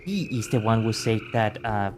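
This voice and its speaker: A man's voice: fairly low pitch, lively intonation, moderate pace, a little hiss or hum. A man chatting casually as he streams a game, joking around and apologizing often. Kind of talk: casual gameplay commentary.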